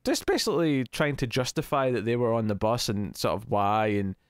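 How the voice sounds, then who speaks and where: A man co-hosting a podcast, chatting in an animated, jokey, rambling way about a TV episode. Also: mid-range voice, brisk, clean tone, no room sound, studio quality. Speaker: podcast co-host. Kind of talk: casual chat reviewing a TV episode.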